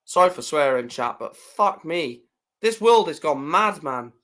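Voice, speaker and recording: A man hosting a football reaction stream, shouting the goals in excitable play-by-play commentary and swearing freely. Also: fairly high pitch, unhurried. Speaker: live stream host doing football reaction.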